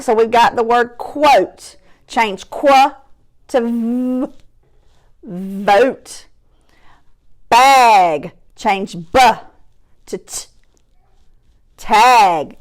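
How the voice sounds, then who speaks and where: A woman leads a phonics lesson for young children. She speaks slowly in a slightly high, sing-song voice. She models each sound with patient, exaggerated care. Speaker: teacher.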